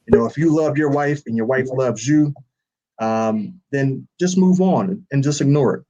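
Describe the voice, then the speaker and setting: Measured male talk show guest. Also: medium pitch, expressive, mellow, muffled recording. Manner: measured, filler-heavy. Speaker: guest co-host.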